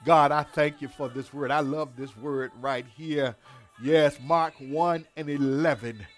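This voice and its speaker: A man's voice: on the high side, fairly even intonation, measured pace, soft background music. A man pastor delivering a devotional sermon, repeating words and calling out hallelujahs in a preacher's cadence.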